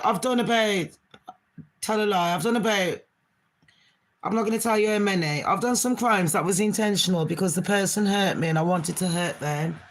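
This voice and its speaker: Chatty middle-aged woman. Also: fairly low pitch. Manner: rambling, chatty, frank; slangy street talk. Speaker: livestream host. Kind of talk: casual live chat with viewers.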